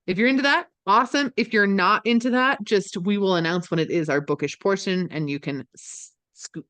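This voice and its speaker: A woman's voice: fairly low pitch, normal speed, a bit bright, no room sound. A woman co-hosting a casual podcast, talking eagerly and persuasively with plenty of "like" and "um". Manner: enthusiastic, persuasive, frequent "like" and "um". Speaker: podcast co-host.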